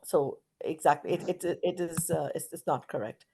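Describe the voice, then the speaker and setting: A middle-aged woman from Canada teaching an online English class, chatty and stretching out words and pauses to model intonation. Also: low-pitched, warm tone, a little hiss or hum, low-quality recording.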